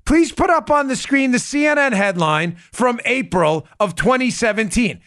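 High-voiced man hosting political commentary. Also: expressive, normal speed, hardly any pauses, fairly bright tone. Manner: emphatic, repeats key points; asides and self-interruptions. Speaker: podcast host.

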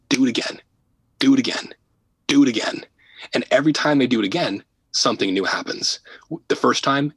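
A man guest on a podcast telling a story in casual, animated talk, often laughing, repeating words and dropping to a hush at tense moments. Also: lowish voice, slightly rough, no room sound, rough recording. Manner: drops to a hushed voice for tense moments. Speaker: podcast guest, paranormal investigator.

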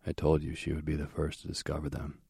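A man's voice: a bass voice, completely flat delivery, quick pace, gravelly, mellow, breathy edge, no room sound, studio quality, exaggerated voice. A man voicing a young male divine guide who chats cheerfully and boasts about his sister. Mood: eager. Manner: chatty, praises his sister.

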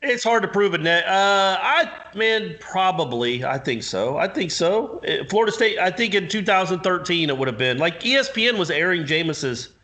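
A man's voice: high voice, expressive, moderate pace, few pauses, sharp tone. A man co-hosting a casual sports talk show, joking and self-deprecating with his colleagues.

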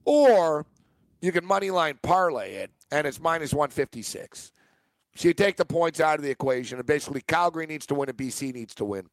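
Man, opinionated, brash, betting chat, fairly high voice, dry studio sound. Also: expressive, fairly quick, no echo. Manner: brash, opinionated, talks over his co-host. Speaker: sports betting radio host. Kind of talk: casual sports betting chat.

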